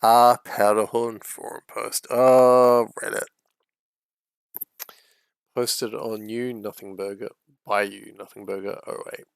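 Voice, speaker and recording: Gravelly, swearing man reading a game aloud. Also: fairly low pitch, little pitch movement, slow, no echo, clean studio sound. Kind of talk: casual playthrough commentary.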